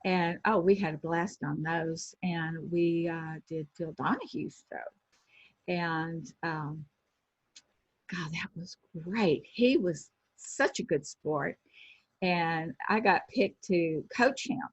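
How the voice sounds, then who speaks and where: A woman in her sixties, a former pro wrestler, telling lively anecdotes in an interview and acting out the people she quotes. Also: fairly low pitch, slow pace, no room sound. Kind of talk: casual storytelling interview. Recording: dull lo-fi sound.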